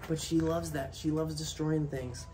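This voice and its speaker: A man's voice: on the high side, little pitch movement, moderate pace, dark tone, faint music behind, low-quality recording. A man chatting casually in a vlog, talking playfully to his pet birds in an outdoor enclosure. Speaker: bird owner and channel host.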